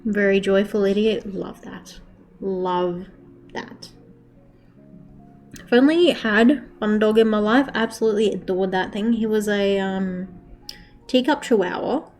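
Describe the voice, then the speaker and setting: A woman's voice: mid-range voice, a little slow, long pauses, darkish tone, soft background music. A young woman chatting casually on a live stream while she crochets, swearing freely and laughing often.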